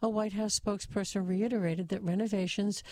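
A woman reading news stories in a steady, even scripted delivery. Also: mid-range voice, fairly quick, dry recording. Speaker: news reader.

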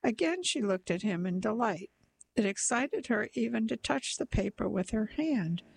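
A woman reading literary fiction aloud in a measured, unhurried storytelling manner. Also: a little high, lively intonation, gravelly, slightly rough, rough recording. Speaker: narrator. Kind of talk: scripted narration of literary fiction.

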